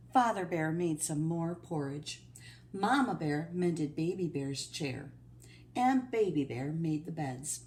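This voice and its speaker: Slow, expressive woman reading aloud. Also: on the low side. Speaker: storyteller. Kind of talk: children's read-aloud.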